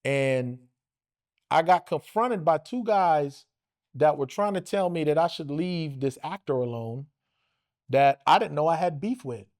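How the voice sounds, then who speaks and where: A man's voice: fairly high pitch, measured pace. A man in his forties telling a rowdy, profane story as an interview guest, acting out what other people said. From United States. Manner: animated, profane, acts out other people's lines. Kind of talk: casual storytelling.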